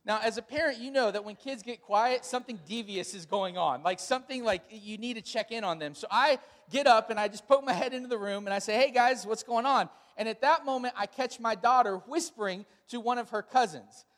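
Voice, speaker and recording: A man's voice: high voice, fairly quick, hardly any pauses, fairly bright tone. A middle-aged man as pastor, giving church announcements and a sermon in a casual, storytelling way with frequent fillers. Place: large church hall. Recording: church hall with long reverb.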